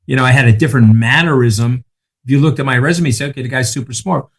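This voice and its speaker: A man's voice: medium pitch, quick pace, husky. A man in his sixties with a Long Island accent, telling stories as a podcast guest in a brash, emphatic way and swearing freely. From Long Island, New York. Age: 60s. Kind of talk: casual podcast chat.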